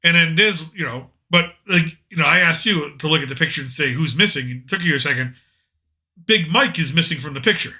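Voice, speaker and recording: A man hosts a podcast in a loose, rambling way, full of opinions and jokes. His voice sits a little high and rings very bright. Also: fairly quick. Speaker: podcast host. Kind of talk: casual political chat.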